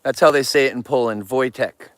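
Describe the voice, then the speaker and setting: A man's voice: mid-range voice, a little fast, no room sound, studio quality. A middle-aged man chatting casually on an outdoor live stream, repeating himself for emphasis. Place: outdoors near a barn.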